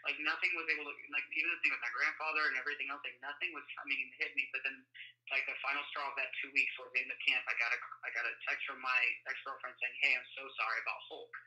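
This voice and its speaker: A man, a guest speaker, telling a personal story in an interview, halting and full of fillers and restarts. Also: mid-range voice, level tone, pushed and bright, low-quality recording.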